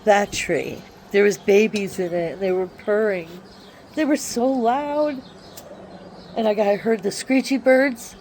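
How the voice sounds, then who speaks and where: A woman rambles in a slow, unhurried drawl into her phone out in her backyard, with sudden bursts of emphasis. Her pitch sits in a middle range. Faint birdsong and outdoor hiss run under the recording. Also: a little mellow. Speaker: vlogger. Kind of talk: rambling casual monologue. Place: backyard by a wooded area, outdoors.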